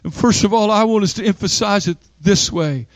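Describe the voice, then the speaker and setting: A man with a strikingly high voice preaches a sermon, repeating phrases in a rhythmic call-and-response pattern. He swings from hushed, drawn-out words up to loud shouted declarations. The sound is close and dry, with almost no room echo.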